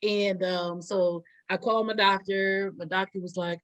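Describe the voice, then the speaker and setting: A young adult woman co-hosting a podcast, telling a story in a lively way and acting out the quotes. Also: mid-range voice, moderate pace, poor audio. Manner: animated storyteller, acts out quotes with loud laughs. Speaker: podcast co-host. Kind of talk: casual storytelling chat.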